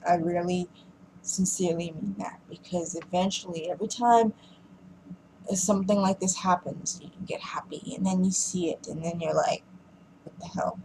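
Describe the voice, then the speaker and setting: Woman vlogger, low-pitched, ranting through a film review with restarts over faint hiss. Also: steady tone, normal speed, vocal fry, dark tone, low-quality recording. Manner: frustrated, rambling, many fillers and restarts. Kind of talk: casual rant.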